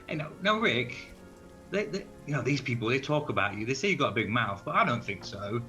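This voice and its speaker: A man's voice: mid-range voice, sing-song, a little fast, sharp tone, faint music behind. A man playing a coaxing, charming bard. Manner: coaxing, calls people mate.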